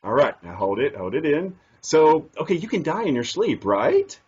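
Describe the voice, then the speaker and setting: A man's voice: fairly high pitch, moderate pace, husky. A middle-aged man hosting a casual interview, playful and laughing often as he asks questions. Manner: playful, laughs often, lively ups and downs. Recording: dull lo-fi sound.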